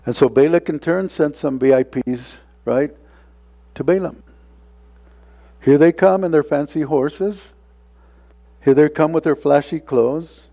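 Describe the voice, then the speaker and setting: A man's voice: a little high, unhurried, long pauses, mellow. A man preaching a sermon, retelling a scripture story casually, with frequent tag questions and chuckles.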